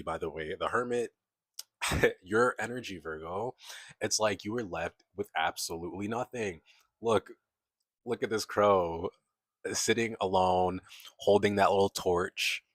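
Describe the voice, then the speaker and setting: A man's voice: sits low, a bit bright, no room sound. A man giving a casual, chatty tarot reading, laughing often and acting out the voices of the people he describes. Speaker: tarot reader.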